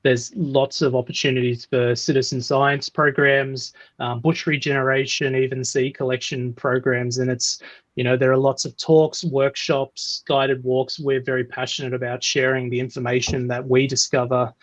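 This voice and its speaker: Male panelist, even delivery, dry close recording. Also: medium pitch, normal speed, no echo, lo-fi sound. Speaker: botanic garden panelist. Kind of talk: casual advice.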